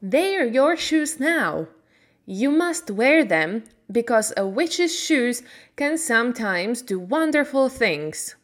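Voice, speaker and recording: A woman's voice: on the high side, big pitch swings, slow pace, voice pushed up. Woman doing a kind little old witch. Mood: kindly. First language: Slovak.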